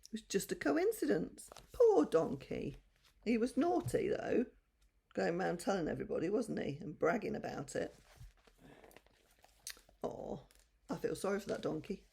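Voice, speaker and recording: An older woman reading a bedtime story aloud to children, gentle and expressive. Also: medium pitch, a little slow, vocal fry, pauses often, breathy edge.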